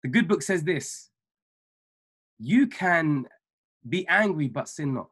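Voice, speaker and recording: A man with a husky, slightly breathy voice preaches over a video call. He speaks emphatically as a minister and mentor, repeating key lines slowly so listeners can take notes. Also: a little high, lively intonation, fairly bright tone. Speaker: ordained minister and trading mentor. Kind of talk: motivational talk on a weekly call.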